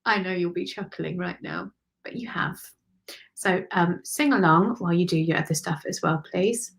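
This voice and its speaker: On the low side and gravelly, this woman's voice moves at a moderate pace. Hosting a live-streamed intuitive card reading as a spiritual card reader, she's chatty and gushing, thinks aloud, and calls her listeners honey and darling.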